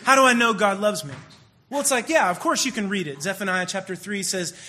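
Man, pastor, sermon, conversational, animated, bright voice. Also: sits high, a little fast.

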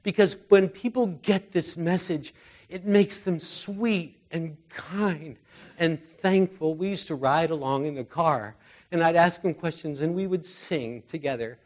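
A man preaching a sermon through personal stories, earnest and heartfelt, his voice often dropping soft and quiet. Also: on the high side, a little slow.

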